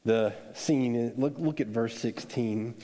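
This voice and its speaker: A man preaching a sermon in a conversational, animated storytelling way, acting out quotes. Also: mid-range voice, takes it slowly. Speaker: pastor. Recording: echoey hall with long reverb.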